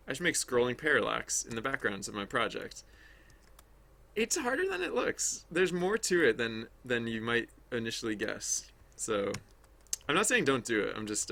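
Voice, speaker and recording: A man talks his way through his game project on a casual livestream, thinking out loud and circling back on himself. His voice has a gravelly fry with a bright, forward edge, at a middle pitch. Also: big pitch swings, normal speed. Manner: rambling, thinking aloud with many restarts. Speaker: game developer streaming his work. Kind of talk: casual livestream commentary while working.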